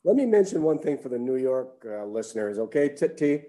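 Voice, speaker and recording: A man's voice: medium pitch, sing-song, a little fast, dark tone. An older man co-hosting a sports podcast, earnestly reminiscing in casual talk. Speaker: sportswriter co-host.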